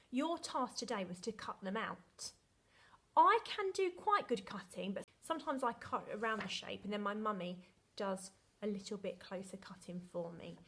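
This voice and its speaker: A woman, a primary school teacher recording a lesson video for young children, talking in a cheerful, sing-song, slow way. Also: medium pitch, fairly bright tone, slight background noise. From England.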